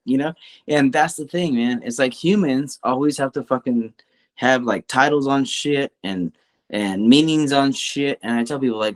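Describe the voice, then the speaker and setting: Man, podcast co-host, casual chat, profane, rambling, mid-pitched voice. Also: normal speed. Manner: profane, rambling, animated, rising pitch when worked up. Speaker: coach.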